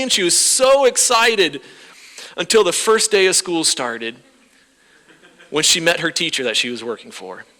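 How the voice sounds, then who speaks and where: A male pastor preaching a sermon in a church, animated, his voice rising as he acts out people's prayers. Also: a little high, a little slow, pauses often. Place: church sanctuary. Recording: reverberant church hall.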